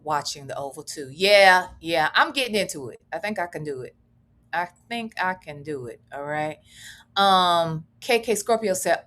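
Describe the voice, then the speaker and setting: A woman's voice: mid-range voice, pushed and bright. A middle-aged woman, chatting casually on a live reaction stream, reading comments and wandering off topic with swearing and laughing asides.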